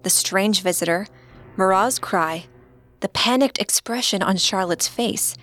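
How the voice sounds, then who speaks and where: A woman narrating a scripted true-crime story as podcast co-host, in a steady storytelling delivery. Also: medium pitch, measured pace.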